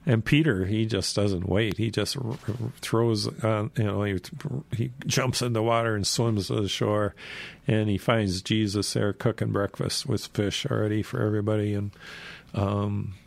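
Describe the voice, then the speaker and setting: Gravelly low-voiced man retelling Bible stories. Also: fairly even intonation, moderate pace, no echo. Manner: rambling, chuckles while telling the story. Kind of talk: casual Bible story retelling.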